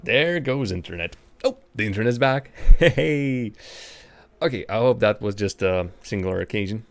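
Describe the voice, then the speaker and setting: A man streaming a game, chatty and excitable, laughing and reacting to the action. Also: lowish voice, a little fast. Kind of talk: casual gameplay commentary. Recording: game music behind the voice.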